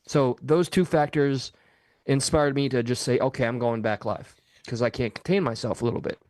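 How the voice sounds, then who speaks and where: Podcast guy, earnest and a bit halting, mid voice, dry close mic. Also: mid-range voice, darkish tone, dry recording. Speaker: podcast co-host. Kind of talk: casual podcast discussion.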